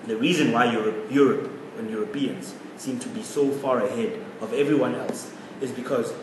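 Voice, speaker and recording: A man's voice: medium pitch, fairly even intonation, moderate pace. A man in his twenties from South Africa, co-hosting a casual podcast chat, opinionated and laughing often. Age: 20s. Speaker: podcast co-host. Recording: echoey room, mic far off, background noise.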